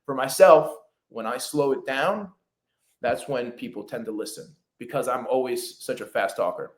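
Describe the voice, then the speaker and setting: Real estate trainer guy talking fast, lots of um and like, echoey room. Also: mid-range voice. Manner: fast talker, many fillers. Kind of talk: casual podcast interview. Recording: roomy echo.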